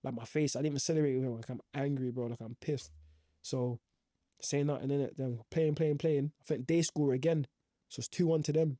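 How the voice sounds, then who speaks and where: In brisk, warm, mid-range speech with a steady tone, a young man, a professional footballer guest, rambles through his football career using slang and lots of fillers. It's studio-quality audio with no room sound.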